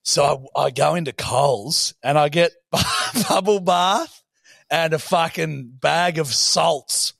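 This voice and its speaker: Podcast co-host, man, foul-mouthed mock rants, gravelly voice. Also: on the high side, slow, a bit bright, no echo, studio quality. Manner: crude, swearing, mock-outraged ranting. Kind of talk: casual banter.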